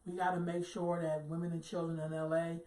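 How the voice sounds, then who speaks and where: A woman's voice: on the low side, flat delivery, a little fast, warm tone. Earthy, storytelling woman in an echoey room. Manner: storytelling, earthy, emphatic, swears casually. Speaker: co-host. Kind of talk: casual talk show chat. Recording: roomy echo, far from the mic.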